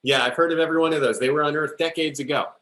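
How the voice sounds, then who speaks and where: A man's voice: on the high side, steady tone, racing, fairly bright tone, reverberant, natural voice. A man playing a rambling space interviewer. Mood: awkward. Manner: rambling, tosses in "all right?" and "okay?". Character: rambling male space-station interviewer, fussy and awkward. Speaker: host of the sketch. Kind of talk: live improv comedy.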